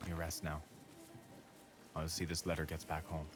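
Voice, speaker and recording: Calm soldier, real deep voice, quiet and steady. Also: male voice, normal speed, over music.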